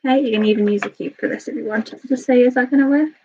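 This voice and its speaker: A woman's voice: a little high, warm tone, husky. A woman teaching a live online maths lesson to young children, patient and a little nervous, checking in with "okay?" often. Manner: patient, repeats "okay?" often, talks a bit fast and nervous. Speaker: early years teacher. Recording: slightly dull lo-fi sound.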